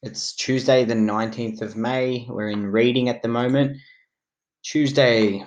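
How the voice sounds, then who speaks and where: A male primary school teacher giving a slow, clear, encouraging recorded reading lesson to children, recorded in a classroom. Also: mid-range voice, steady tone.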